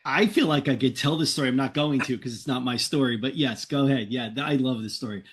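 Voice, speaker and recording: A man's voice: medium pitch, fast talker, a little hiss or hum. A man co-presenting a webinar, replying in an easygoing, supportive way. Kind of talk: casual conversation.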